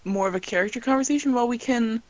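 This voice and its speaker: A woman's voice: a little high, very fast, dry recording. A woman player chatting casually and joking around with the group. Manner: jokey, playful, self-mocking. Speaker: tabletop game player. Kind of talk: casual out-of-game chat.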